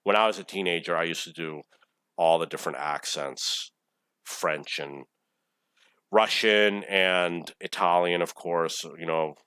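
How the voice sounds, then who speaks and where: A man's voice: low-pitched, steady tone, unhurried, bright, forceful tone, clean tone, dry recording. A man in his forties giving casual, rambling commentary over his own gameplay replay, swearing often when irritated. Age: 40s. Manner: rambling, profane, easily irritated.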